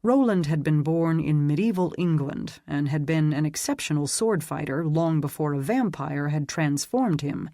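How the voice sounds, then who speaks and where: An audiobook narrator reading a dark fantasy story in a steady, even storytelling manner. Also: mid-range voice, no echo, studio quality. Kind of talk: scripted narration.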